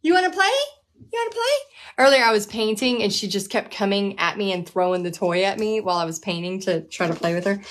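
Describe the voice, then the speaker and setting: A woman's voice: fast, few pauses, a little hiss or hum. A woman, hosting a live painting class from her home art studio in a chatty, upbeat way. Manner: chatty, upbeat, talks to her dog in a high baby voice. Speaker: painting instructor and host. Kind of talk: casual live-stream teaching.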